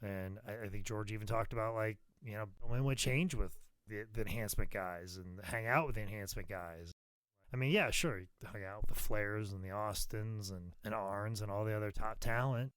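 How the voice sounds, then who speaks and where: A man co-hosting a wrestling podcast, telling animated, profane stories that swing loud. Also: lowish voice, brisk, clear, resonant tone, no echo. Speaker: podcast co-host, pro wrestling worker. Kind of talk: casual podcast chat.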